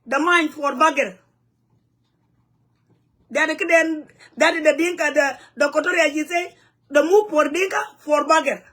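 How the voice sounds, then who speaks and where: High-voiced woman. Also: measured pace, pauses often, fairly bright tone. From South Sudan. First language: Nuer. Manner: heated, blunt, broken English mixed with Nuer phrases. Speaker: community vlogger. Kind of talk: angry direct-to-camera rant. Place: home in the U.S.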